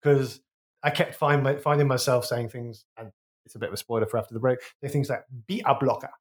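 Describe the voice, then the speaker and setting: A man's voice: medium pitch, steady tone, quick pace. A man from the West Midlands of England, co-hosting a podcast, musing casually and correcting himself as he goes. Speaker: podcast co-host. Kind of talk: casual chat.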